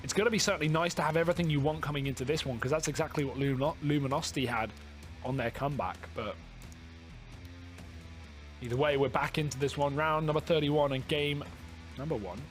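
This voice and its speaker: Excitable male esports play-by-play caster. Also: on the high side, quick pace, faint music behind. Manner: jokey banter, rising excitement on big plays. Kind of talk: play-by-play commentary.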